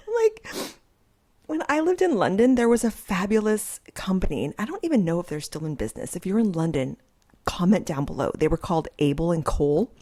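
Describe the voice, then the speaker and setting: A middle-aged woman, a vlogger, chatting casually from home in a giggly, animated way. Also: fairly low pitch, fast. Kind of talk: casual commentary vlog.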